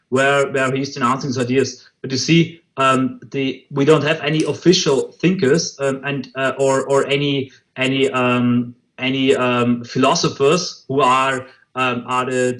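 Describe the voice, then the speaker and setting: A man answering interview questions haltingly, searching for words and restarting often. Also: medium pitch, a bit bright, low-quality recording. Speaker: interview guest, movement spokesman.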